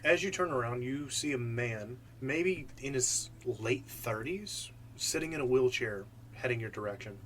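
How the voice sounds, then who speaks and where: A man narrating as game master of a tabletop game, relaxed and loose, with many fillers. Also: medium pitch, unhurried, few pauses, a little hiss or hum.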